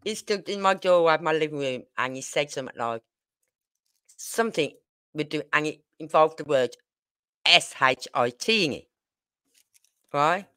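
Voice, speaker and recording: This true crime livestream host is an older woman from Birmingham, England, speaking with a Brummie accent in a low but slightly bright, clear, resonant voice. The dry, clean studio recording captures her rambling, casual chat, peppered with exasperated asides.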